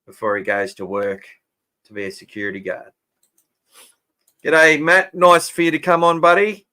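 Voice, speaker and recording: A man's voice: a little high, moderate pace, sharp tone. An Australian man hosting a casual fan podcast, chatting and answering listener comments. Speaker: podcast host.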